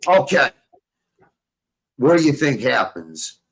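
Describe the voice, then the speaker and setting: A man's voice: mid-range voice, very animated, takes it slowly, poor audio. A young man hosting a casual talk show, telling a rambling story full of profanity and street slang. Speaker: podcast host.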